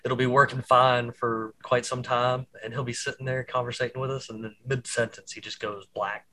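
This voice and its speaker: A man's voice: medium pitch, little pitch movement, moderate pace, bright, forceful tone, low-quality recording. A man hosting a podcast in casual chat, talking emphatically and swearing casually. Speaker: podcast host.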